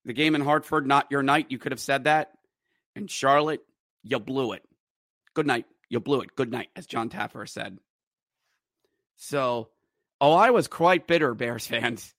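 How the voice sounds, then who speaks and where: A man's voice: mid-range voice, expressive, a little slow, pauses often, fairly bright tone, no room sound, studio quality. A man hosting a fan podcast, recapping hockey games in play-by-play style with wry, bitter sports-fan humor. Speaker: podcast host.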